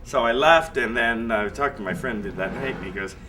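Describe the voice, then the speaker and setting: A man's voice: mid-range voice, normal speed. A man, a head chef, telling stories in an interview and acting out the voices of others. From Canada. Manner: animated, acts out quoted voices. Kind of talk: interview storytelling. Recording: distant mic with loud ambient noise.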